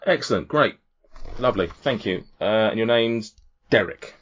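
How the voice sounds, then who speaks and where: A man's voice: mid-range voice, expressive, normal speed, fairly bright tone, slightly rough. A man voicing a stern, impatient female tiefling who runs an archery contest, curt and officious. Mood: brisk. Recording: dull lo-fi audio.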